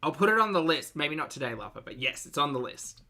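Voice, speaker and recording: A man's voice: on the high side, sing-song, fast talker, vocal fry, bright, forceful tone. A man giving blunt, casual live-stream commentary, full of fillers and swearing, reading out viewer chat as he goes.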